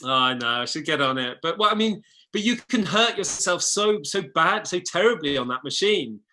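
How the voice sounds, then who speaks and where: A fairly high, pushed and bright voice with lively intonation belongs to an Englishman in his thirties who once rowed at the Olympics. Speaking as a guest at a moderate pace, he chats casually but hesitantly. He keeps restarting and repeating the first words of his phrases.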